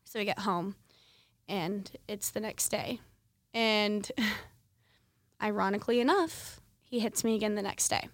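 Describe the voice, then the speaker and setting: A woman's voice: mid-range voice, slow pace, long pauses, dry recording. A young woman in her twenties hosting a podcast, telling a personal story in a candid, conversational way with lots of fillers. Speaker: podcast host.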